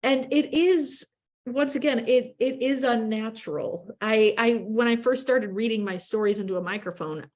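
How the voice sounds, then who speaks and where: A woman radio journalist with an upper Midwestern accent, answering interview questions in a chatty, animated way with quick bursts and self-corrections. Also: a little high. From upper Midwest of the United States.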